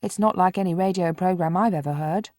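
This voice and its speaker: A woman's voice: fairly low pitch, fairly quick, a little mellow, no echo, clean studio sound, natural voice. A woman voicing a cheerful, determined young boy in a storybook reading. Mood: curious.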